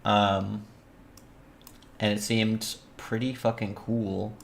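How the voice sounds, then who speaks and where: A woman's voice: a bass voice, flat delivery, slow, gravelly, slight background noise. Rambling, swearing woman streamer. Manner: rambling, profane, jokey asides. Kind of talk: casual let's-play chat.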